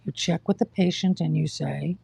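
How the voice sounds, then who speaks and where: Casual live-stream host: husky, out of breath, blunt and exasperated, dry close mic. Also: medium pitch, normal speed, dark tone, no room sound. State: short of breath, coughing. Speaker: livestream host telling of hospital care.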